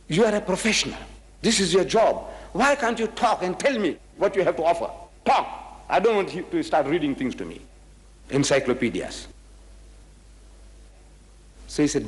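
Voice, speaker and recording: A man from South Africa with a South African accent, giving an animated public lecture on religion. He speaks emphatically and mockingly, and reads scripture slowly and solemnly. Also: high-pitched. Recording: reverberant hall sound.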